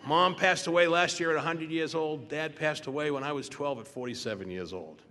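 A man's voice: a little high, pushed and bright. Older man telling his recovery story. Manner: halting, joking storyteller. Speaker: speaker at a recovery meeting. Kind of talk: personal recovery testimony. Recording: echoey hall, faint room noise.

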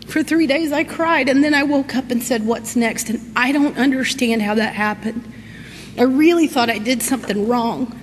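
Woman, middle-aged, high voice, telling her recovery story in an echoey hall, faint hiss. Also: normal speed. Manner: folksy, animated, laughs through her story. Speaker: recovery meeting speaker. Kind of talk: personal recovery talk.

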